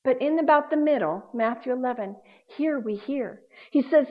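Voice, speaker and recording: Woman preaching, bit high voice, gets loud then goes real soft, muffled lo-fi sound. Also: normal speed, hardly any pauses. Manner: expressive, swings from loud emphasis to hushed tones. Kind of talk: sermon. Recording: dull lo-fi sound.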